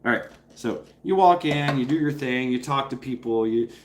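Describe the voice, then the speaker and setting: A streamer rants loosely to his livestream audience, swearing freely and tripping over his words as he restarts sentences, breaking into short impressions of other people along the way. His voice is mid-range at a moderate pace, with slight background noise.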